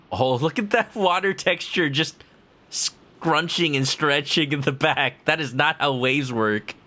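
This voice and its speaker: A man's voice: on the high side, a little slow, sharp tone, a little hiss or hum. A man streaming a game playthrough, joking and riffing on what is happening on screen. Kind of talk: casual playthrough commentary.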